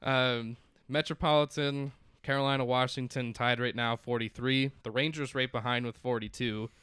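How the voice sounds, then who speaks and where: A man's voice: mid-range voice, fairly even intonation, normal speed, a bit bright, clean tone, no room sound, studio quality. A man co-hosting a sports podcast in a casual chat, reading out lists and laughing often. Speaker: podcast co-host.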